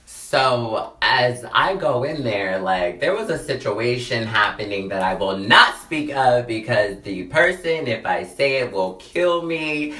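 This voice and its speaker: A man's voice: mid-range voice, lively intonation, unhurried, pushed and bright, echoey room, distant mic. A man telling a dramatic storytime in a casual, chatty way, filling his talk with "like" and "honey". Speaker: vlogger.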